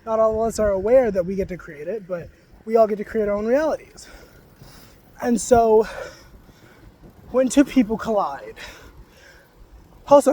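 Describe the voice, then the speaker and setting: A man's voice: high voice, expressive, moderate pace, long pauses, mellow. A man vlogging casually about spiritual ideas, in a loose, rambling way full of fillers, now and then swearing bluntly. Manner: frank, sometimes swearing.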